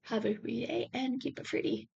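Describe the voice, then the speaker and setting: Hoarse, bubbly woman reviewing a book. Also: a little high, normal speed, a little mellow, lo-fi sound. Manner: bubbly, chatty with many fillers. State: voice giving out, hoarse. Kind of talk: casual vlog book review.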